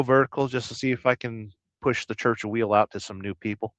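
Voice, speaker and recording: An American truck driver hosting a casual livestream, rambling through jokes and viewer comments with a deadpan, blustery manner. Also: male voice, mid-range voice, fairly quick, no echo. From United States. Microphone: livestream mic. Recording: dry, dull lo-fi stream audio.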